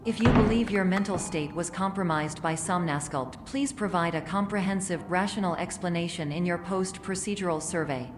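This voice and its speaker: A woman voicing a cold female orientation AI in a game, speaking in a flat, clinical, deadpan way. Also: fairly low pitch, moderate pace, hardly any pauses, long reverb tail, slight background noise, natural voice. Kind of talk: scripted game voice-over.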